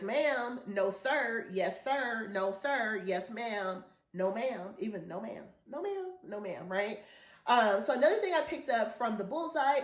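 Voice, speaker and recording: Woman in her forties, chatty haul vlogger, rambling, echoey room. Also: mid-range voice. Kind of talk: casual shopping haul chat.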